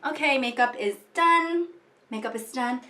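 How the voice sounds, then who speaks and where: A woman's voice: high-pitched, unhurried, bright, forceful tone. A woman vlogging casually at home while doing her makeup, rambling and joking crudely, filmed on a camera mic that is sometimes far from her. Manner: chatty, rambling, crude jokes, lots of fillers. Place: room at home. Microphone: camera mic, at times far from it. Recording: echoey home room.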